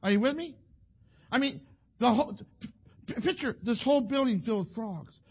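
A male preacher, giving a folksy sermon that builds to fervent shouting. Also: sits high, fairly quick, breathy edge.

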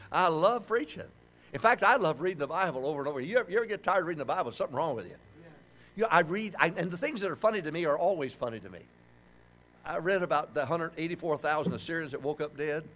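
Older male pastor, folksy and funny, slightly high voice, shouts key lines. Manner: folksy, humorous preaching with shouted emphasis. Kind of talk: sermon.

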